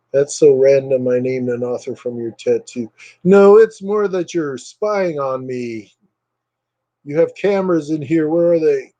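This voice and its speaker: A man hosting a casual livestream, rambling and reading viewer comments aloud, with lots of hesitant fillers. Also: mid-range voice. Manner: relaxed, hesitant with many fillers. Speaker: livestream host.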